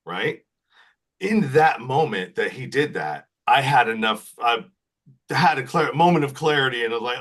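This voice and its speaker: On a podcast, a guest with a medium-pitched voice takes his time spinning a long, animated story in easygoing chat. He keeps ending his sentences with "right?"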